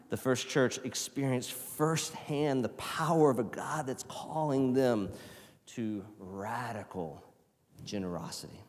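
A male pastor giving a casual, conversational sermon, swinging from loud emphasis to hushed near-whispers. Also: medium pitch, lively intonation, unhurried. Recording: long reverb of a large hall.

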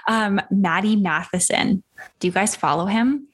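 Husky-voiced woman podcast co-host. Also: medium pitch, measured pace. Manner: chatty, laughs often. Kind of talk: casual podcast chat.

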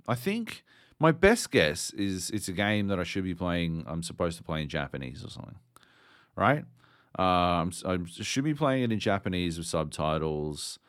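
A man's voice: deep voice, big pitch swings, moderate pace, no room sound, clean studio sound. A man co-hosting a podcast, ranting sardonically and swearing constantly in casual chat. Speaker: podcast co-host.

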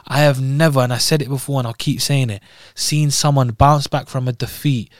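A man's voice: mid-range voice, fairly even intonation, fairly quick, no echo, studio quality. A man with a London accent, co-hosting a podcast and talking emphatically as a fan of a boxer. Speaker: podcast co-host. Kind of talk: casual chat.

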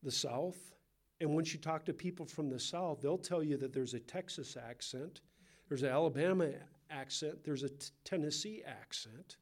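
A man with a Californian accent, teaching a Bible passage in a relaxed, conversational sermon with asides and questions to the listeners. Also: a little high, moderate pace. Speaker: pastor.

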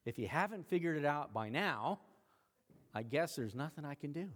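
A middle-aged man preaches a sermon from the pulpit with a somewhat high voice. He keeps it chatty, then lifts into sudden loud, high surges. His voice rings out with the long tail of a large church hall. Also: expressive, moderate pace. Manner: conversational preaching with sudden rises in pitch and volume. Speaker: pastor.

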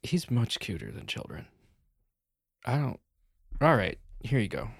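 A man's voice: medium pitch, wildly swooping pitch, a little slow, creaky, slightly rough, dry recording. A man playing a tabletop role-playing game, talking in character, exasperated, swearing and laughing often. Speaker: player.

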